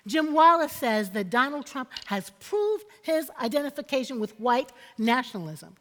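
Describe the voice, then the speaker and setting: A woman's voice: high-pitched, animated, normal speed, a bit bright, in a large hall. A woman preaching a sermon, emphatic and repeating phrases for effect, calling on the congregation for amens.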